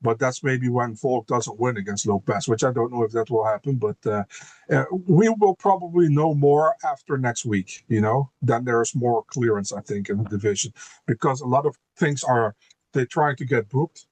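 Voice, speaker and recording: A man giving casual analysis as a podcast guest. He is blunt and swears freely, often repeating a word while he finds his point. His voice sits at a middle pitch and sounds dry and close. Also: normal speed, a little mellow, no echo.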